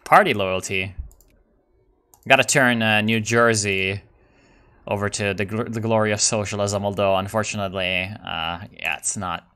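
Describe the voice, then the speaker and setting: A young man giving casual, profane commentary while playing a strategy game, excitable and musing aloud with fillers and laughs. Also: lowish voice, normal speed, clean tone. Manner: swears a lot, excitable, jokey.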